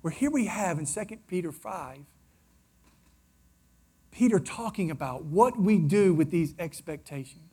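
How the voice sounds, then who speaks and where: A man preaching a sermon to his congregation, swinging between loud declarations and hushed, close asides. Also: high voice, expressive, measured pace, pauses often, slightly rough. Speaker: pastor.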